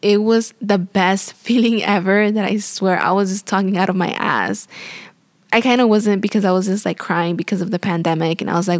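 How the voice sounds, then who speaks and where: A woman's voice: mid-range voice, steady tone, moderate pace, no echo. A young woman casually telling her birth story, rambling and filling her talk with "like" and "you know.". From Spanish-speaking family. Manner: chatty and rambling, heavy use of "like" and "you know"; apologetic and self-aware.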